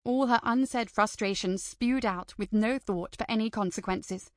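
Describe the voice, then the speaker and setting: A woman's voice: medium pitch, moderate pace, no echo. Woman narrating an audiobook, dry and close. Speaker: audiobook reader. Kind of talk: scripted narration.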